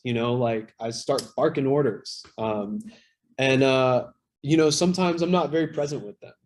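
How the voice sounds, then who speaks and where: A man's voice: mid-range voice, normal speed, a little mellow, a little hiss or hum. A man in his thirties sharing candidly at a recovery workshop, talking in a casual, self-deprecating way with plenty of fillers and swearing. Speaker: workshop speaker.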